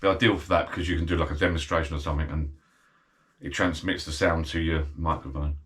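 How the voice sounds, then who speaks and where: A man's voice: rumbling low, steady tone, fast, fairly bright tone. A middle-aged British man chatting casually while he unboxes a gadget, rambling and thinking aloud as he goes. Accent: British English.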